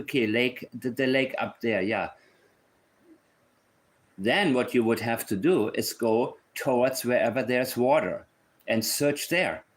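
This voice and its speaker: A man giving casual commentary on a case. He is blunt and opinionated and thinks aloud as he goes. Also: mid-range voice. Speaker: true crime commentator.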